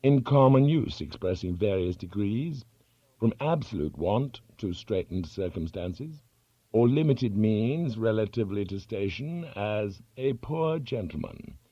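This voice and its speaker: A man narrates an audiobook with a husky, low voice that rises and falls expressively. He reads slowly and carefully, weighing each word. The recording is dry and dull, with a lo-fi quality. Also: warm tone, no room sound. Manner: measured, careful reading of a dictionary entry.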